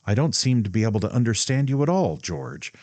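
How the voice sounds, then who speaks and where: A man voicing a spirited young woman who teases gently in a light, raised voice. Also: lowish voice, big pitch swings, fairly quick, no echo, pitched above the performer's own voice. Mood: teasing.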